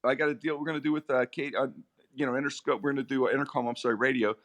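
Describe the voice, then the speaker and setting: A middle-aged man, a radio personality, telling comic stories in a lively, animated way. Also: very fast. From Pittsburgh area, USA. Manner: lively, comic, with big swings in pitch. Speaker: radio personality and podcast host, guest. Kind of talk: animated storytelling.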